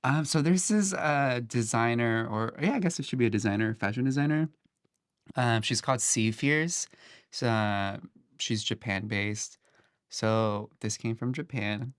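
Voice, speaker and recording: A man's voice: mid-range voice, a little slow, clean tone, no echo. Rambling young man, dry sound. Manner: rambling, full of "like" and "um" fillers. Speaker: guest DJ. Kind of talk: casual chat.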